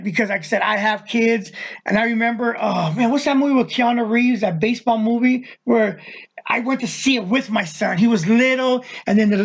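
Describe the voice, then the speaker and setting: A middle-aged man hosting his own show, answering viewer questions in a rambling, plain-spoken casual chat full of fillers. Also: high-pitched. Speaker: vlog host and youth wrestling coach. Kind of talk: casual solo Q&A. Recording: slightly dull lo-fi sound.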